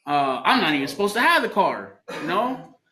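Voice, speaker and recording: A man's voice: high voice, big pitch swings, moderate pace, pushed and bright. A man in a recovery program sharing his story at a meeting, swearing and laughing as he tells it. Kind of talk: candid share at a recovery meeting. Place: meeting room. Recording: echoey room, faint background noise.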